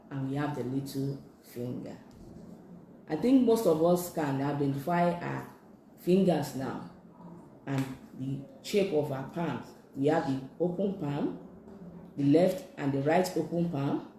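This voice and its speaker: A sign language instructor, teaching slowly and patiently in a live-streamed lesson, repeating each phrase many times. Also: mid-range voice, warm tone, slight background noise. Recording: echoey room.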